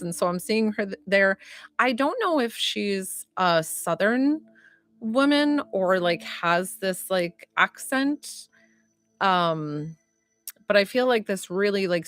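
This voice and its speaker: A woman working as a psychic medium, giving live readings to viewers in a warm, rambling way with lots of filler words. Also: medium pitch, dry recording. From northern United States.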